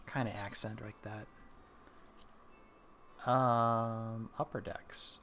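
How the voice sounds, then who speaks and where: A man's voice: lowish voice, fairly even intonation, extremely slow, long pauses, bright, forceful tone, soft background music. A man streaming a video game, muttering to himself as he plays. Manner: muttering to himself while playing. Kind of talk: casual gameplay commentary.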